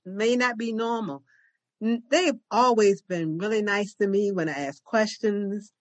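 A woman co-hosting a podcast, telling a story in a chatty, animated way. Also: mid-range voice, measured pace, dry recording. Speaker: podcast co-host. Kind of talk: casual chat, storytelling.

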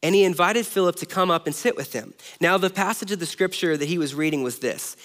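Male pastor, thirties, from Southern California, high voice, storytelling sermon, long hall reverb. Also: fast talker, few pauses. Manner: animated, self-deprecating storytelling.

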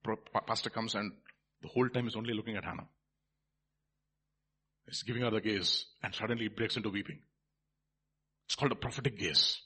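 A male preacher, delivering a sermon that swings from quiet musing to loud, fervent preaching. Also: on the low side, a little fast, pauses often, breathy edge.

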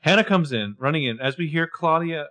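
A chatty male podcast co-host who talks through a show's plot with a lively pitch that rises and falls a lot. He hesitates now and then and slips in wry comments. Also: a little fast. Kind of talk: casual chat recapping a show.

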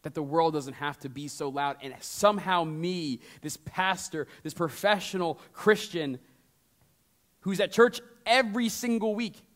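A man preaching a sermon as pastor, talking straight to the congregation and swinging from lively emphasis down to hushed storytelling. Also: a little high, unhurried. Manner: conversational, addresses the congregation directly.

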